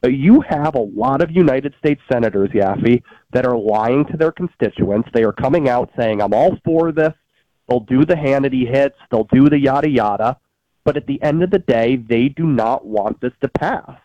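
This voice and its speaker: A man's voice: medium pitch, animated, normal speed, no room sound, dull audio. A man arguing politics as a guest on a talk show, emphatic, with frequent filler sounds and restarts. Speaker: political commentator.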